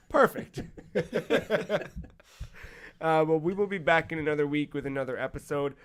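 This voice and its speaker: A man with a slightly raised pitch hosts a laid-back gaming podcast. He jokes around and laughs often, in a loose, conversational way. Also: unhurried, smooth. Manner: joking, laughs often, wraps up the show. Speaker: podcast host. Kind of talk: casual podcast chat.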